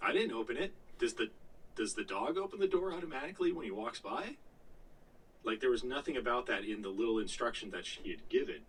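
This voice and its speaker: A man's voice: mid-range voice, expressive, a little fast, husky, far from the mic, rough recording. A man co-hosting a podcast, telling a long gaming story in casual chat, full of fillers, restarts and the odd swear word. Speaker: podcast co-host.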